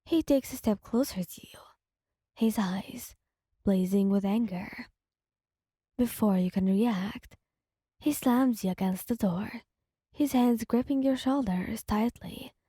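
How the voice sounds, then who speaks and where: A woman narrating a second-person audio story in a soft, partly whispered voice. Her tone is mellow and breathy, and she takes it slowly. The sound is dry and close. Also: on the high side, dry recording.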